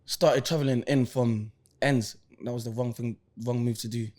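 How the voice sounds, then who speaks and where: A man's voice: mid-range voice, normal speed. A man from East London with an East London accent, a guest on a podcast telling his stories with heavy slang and acting out the people in them. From East London, England. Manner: animated storyteller, heavy London slang, acts out quoted voices. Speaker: interview guest, former footballer and rapper. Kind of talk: casual podcast storytelling.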